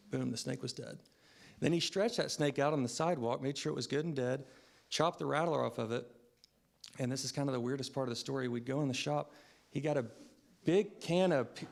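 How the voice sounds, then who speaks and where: At a funeral service, a man in his thirties gives a eulogy for his grandfather, telling personal stories reflectively with frequent "um" fillers. His voice is mid-range with vocal fry.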